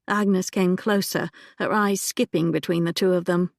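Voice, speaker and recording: A woman narrating an audiobook in a measured, even manner on a close microphone. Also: lowish voice, creaky, dry recording.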